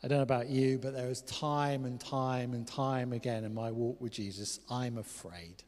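An English pastor with a mid-range voice delivers a sermon at a moderate pace in a church hall, and the long reverb of the hall carries his words. His manner is animated, swinging between loud exclamations and hushed quoted lines.

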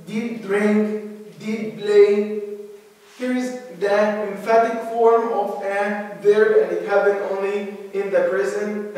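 A man teaching an English grammar lesson, explaining slowly and deliberately and repeating key points. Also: high voice. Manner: slow, deliberate explaining with repetition. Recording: echoey room, far from the mic.

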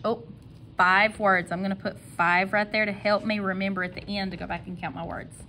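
A woman teaching a kindergarten phonics lesson, sounding out letters slowly and stretching each sound. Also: fairly low pitch, fairly even intonation, fairly bright tone, slight background noise.

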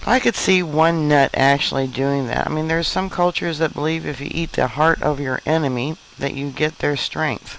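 Guy reading the news off a page, kinda high voice, chimes in with his own blunt takes, faint hiss behind. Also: moderate pace, creaky, hardly any pauses, fairly bright tone, rough recording. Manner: plain reading, breaks off to give blunt opinions. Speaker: news reader and commentator. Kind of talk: reading news with personal commentary.

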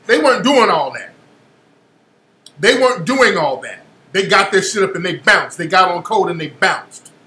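A man's voice: sits high, sharp tone, echoey room. A male radio host giving opinionated commentary, blunt and profane, repeating phrases for emphasis.

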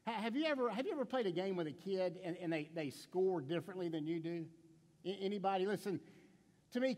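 Preaching in a church sanctuary that sounds like a large hall, this middle-aged pastor has a high, darkish voice. He keeps the sermon conversational, with rhetorical questions, stammered restarts and playful stories acted out in quotes.

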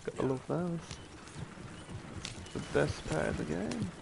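A man streams a game from home, commenting in a dry, self-mocking mumble. His delivery is slow and unhurried, with a gravelly fry in a slightly higher-than-usual voice. He sounds offhand and deadpan throughout. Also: background noise. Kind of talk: casual live-stream commentary.

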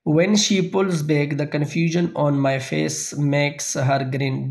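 A man narrating a novel in the first person as an audiobook reader, halting at times with small slips and restarts. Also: on the high side, flat delivery, vocal fry.

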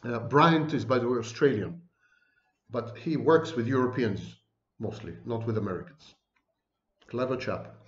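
A man with a medium-pitched, slightly slow voice and long pauses gives an online lecture on personality disorders. He sounds emphatic and scornful, piling up terms as he speaks. The recording is dull and lo-fi, made in an echoey room.

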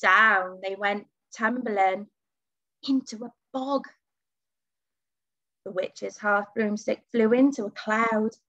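A woman reading a children's storybook aloud for a school, dramatic and expressive, with whispers and gasps. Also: mid-range voice, slow pace, pauses often, dull audio.

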